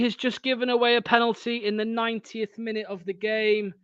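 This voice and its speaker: Swearing football fan on a dull mic. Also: male voice, sits high, a little fast, few pauses, clear, resonant tone, dry recording. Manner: swears a lot, swings from excited shouting to deflated muttering. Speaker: fan watchalong host. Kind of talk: live football watchalong commentary.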